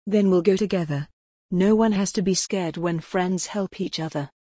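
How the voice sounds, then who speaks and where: A synthetic woman's voice playing a kind, brave little girl in a bedtime story, speaking softly. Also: on the low side, moderate pace, slightly rough, dry recording, studio quality. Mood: kind, encouraging. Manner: soft and kind.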